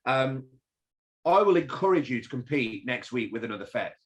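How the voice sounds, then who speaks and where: A man from England talks as a guest on a fitness podcast. He tells stories with plenty of energy, blunt and sometimes swearing, in a voice of ordinary pitch. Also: normal speed. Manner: animated, swears, storytelling. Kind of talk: casual interview chat.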